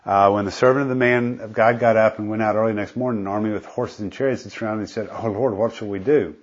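Teaching a Bible study, a man reads scripture aloud and explains it conversationally, with frequent fillers and restarts. His voice is on the low side, fast and fairly even in intonation, captured on a dull lo-fi recording.

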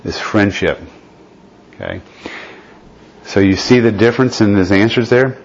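A man's voice: on the low side, unhurried. A man leading a conversational Bible study lesson, explaining step by step and often checking in with his listeners. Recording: dull lo-fi recording.

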